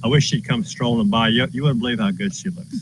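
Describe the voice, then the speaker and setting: A man's voice: medium pitch, fast talker, background noise. A man who runs a horse farm, telling a story in an earnest, folksy way while outdoors. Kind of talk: casual storytelling.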